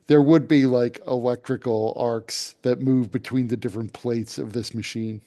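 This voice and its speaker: A man plays a tabletop game, talking through what his character does in a mellow, mid-pitched voice. He thinks aloud as he goes, pausing and correcting himself. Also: steady tone. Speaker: player. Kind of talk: tabletop role-play, describing his character's actions.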